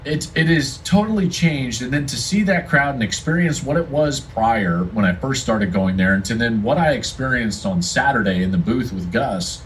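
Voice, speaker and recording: A man's voice: medium pitch, lively intonation, moderate pace, few pauses, distant mic, slight background noise, poor audio. A man giving a football analyst's emphatic, storytelling breakdown of a game moment. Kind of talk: casual commentary breakdown.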